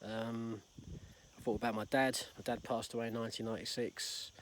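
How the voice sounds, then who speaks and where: A man's voice: medium pitch, level tone, fairly quick, poor audio. A middle-aged man from England telling a rambling story to camera, laughing and acting out the voices of the people in it. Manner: rambling, laughing, acts out quotes. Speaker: vlogger. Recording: loud background noise outdoors.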